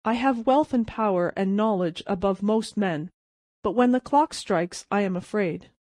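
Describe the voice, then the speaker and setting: Brief: woman playing a gentle grandiose vagrant prince, smooth measured delivery, dry audiobook sound. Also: mid-range voice, no room sound, lightly acted. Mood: solemn. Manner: even, well-modulated, solemn. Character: ragged old vagrant who calls himself a prince, gentle and grand.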